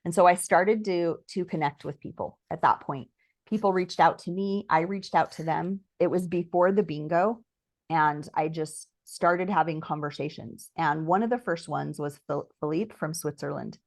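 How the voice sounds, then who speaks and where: A woman telling her personal story as an interview guest, earnest and reflective, often using "like" and sometimes slowing to a soft, near-whispered pace. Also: lowish voice, no echo. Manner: earnest and reflective, with many "like" fillers.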